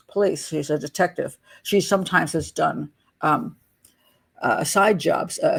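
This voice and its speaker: A woman's voice: on the low side, creaky, husky. An older American woman chatting and telling stories as an advice vlogger, laughing often and restarting her sentences. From United States. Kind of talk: casual storytelling.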